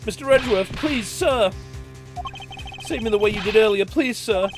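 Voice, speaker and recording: British man putting on a squeaky, jittery young cop. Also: moderate pace, lightly acted. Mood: pleading eager. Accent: British English. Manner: pleading, ends every line with "sir". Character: jittery, overeager young male police officer. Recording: game music playing behind.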